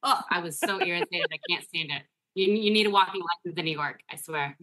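A woman guesting on a podcast in casual chat, chatty and expressive, quick to vent. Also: lowish voice.

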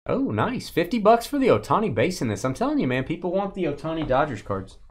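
A man hosting a live sports card break, joking with his co-host and calling out cards with bursts of excitement. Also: on the high side, fast talker, husky.

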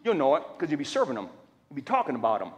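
A middle-aged man preaching a storytelling sermon, animated and humorous as he acts out quotes. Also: medium pitch, rapid-fire, noisy background. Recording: reverberant church hall.

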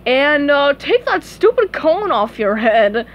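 A woman reading aloud and voicing a smug, sly police officer who talks in a condescending, drawn-out way. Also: high voice, big pitch swings, lo-fi sound, a little hiss or hum, pitched above the performer's own voice, heavily acted.

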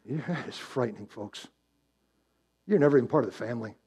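A man preaching a sermon as pastor, swinging between loud emphatic build-ups and hushed low warnings, telling stories and posing questions to the congregation. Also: a little fast, slightly rough. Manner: storytelling with direct questions to the congregation. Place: church.

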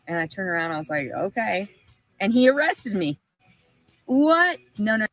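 A woman's voice: mid-range voice, sing-song, moderate pace, dry recording, soft background music, low-quality recording. A woman with a Southern American accent, rambling emotionally and swearing through a livestream monologue. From Arkansas, USA.

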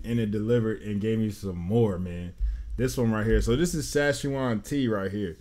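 A man's voice: fairly low pitch, normal speed, darkish tone. A man giving a casual, enthusiastic fragrance review that rambles and often says "man" and "y'all.".

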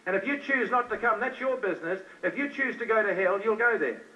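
The speaker is a New Zealand man preaching an evangelistic sermon to a hall in a high, sharp-toned voice at a fairly quick pace. He repeats himself and fires questions at the crowd. The recording is an old live one, distant and dull.

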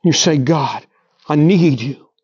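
A high-pitched male pastor delivers a sermon, rising to loud emphasis and then dropping to a near whisper. The recording is dull and lo-fi, like a simple church capture. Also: slow, husky. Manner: dramatic preaching with wide swings between loud and hushed.

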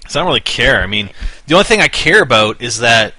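A man's voice: medium pitch, big pitch swings, quick pace, pushed and bright, no echo. A man hosting casual gaming commentary, rambling and hyper, winding himself up into a half-joking rant. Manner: rambling, mock-ranting, wound up. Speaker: gaming channel host.

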